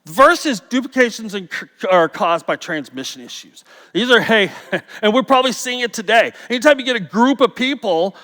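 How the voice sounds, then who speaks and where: A middle-aged man giving a conference talk, telling stories with jokes in an animated, playful way. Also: high-pitched, moderate pace. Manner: storytelling, jokey, animated. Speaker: conference speaker. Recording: reverberant hall.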